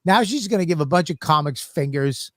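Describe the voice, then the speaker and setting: A man's voice: on the high side, lively intonation, fairly quick, a bit bright, no room sound, clean studio sound. A man co-hosting a comedy podcast, telling stage stories in a blunt, profane way. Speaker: comedian co-host. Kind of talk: casual podcast banter.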